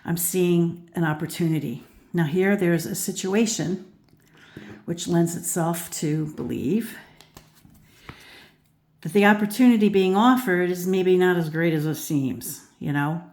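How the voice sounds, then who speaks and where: An older woman with a fairly low, somewhat mellow voice speaks a little slowly as she gives a casual tarot reading. She's a tarot reader who hosts her own channel, and her delivery is thoughtful and rambling, full of restarts and "you know" fillers. At times she sounds out of breath.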